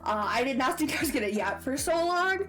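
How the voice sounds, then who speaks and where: A woman's voice: high-pitched, lively intonation, brisk, a bit bright. A woman with a Southern American accent chatting casually on a livestream, playful and giggly with squealy outbursts. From Southern United States. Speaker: streamer.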